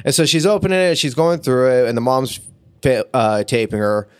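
A man's voice: mid-range voice, expressive, clear, resonant tone. A man co-hosting a podcast, chatting casually and crudely, telling an anecdote full of swearing and laughter. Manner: profane, storytelling, quick to laugh. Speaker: podcast co-host.

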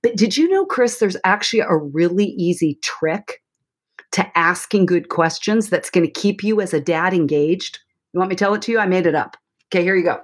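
A woman therapist and author talking in a chatty, animated way as a guest, giving coaching advice to parents. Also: fairly low pitch, a little fast. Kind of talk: advice-giving podcast interview. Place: Portland, Oregon.

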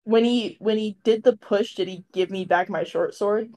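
Casual tabletop player, mid-pitched voice. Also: normal speed, dark tone. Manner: casual, asks rules questions. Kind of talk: casual tabletop game chat.

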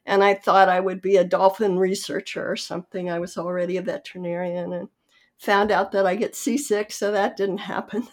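A woman's voice: medium pitch, level tone, a little fast. A woman hosting a conversation, a veterinarian, earnestly recounting her own experiences in a casual way. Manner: earnest, personal recollection. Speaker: host, veterinarian.

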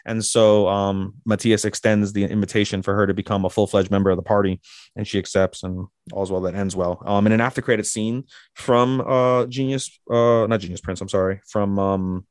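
A man's voice: lowish voice, fairly even intonation, a little fast, no echo, clean studio sound. A man hosting an anime podcast who chats casually and swears a lot while he recaps episodes in a rambling way. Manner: rambling, profane, with lots of fillers and restarts. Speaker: podcast host.

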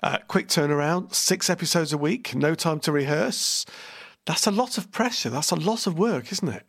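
A man's voice: fairly high pitch, lively intonation, normal speed, a bit bright. A man interviewing a guest, asking friendly, rambling questions.

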